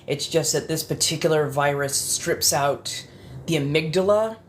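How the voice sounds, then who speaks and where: Woman, low-pitched voice, soft-spoken ASMR chat, rambling and casual. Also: unhurried, slight background noise. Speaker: ASMR creator.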